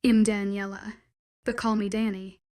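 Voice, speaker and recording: A woman's voice: medium pitch, little pitch movement, normal speed, mellow, natural voice. A woman reading the lines of a sincere, friendly teenage girl who is new at school, in a storybook.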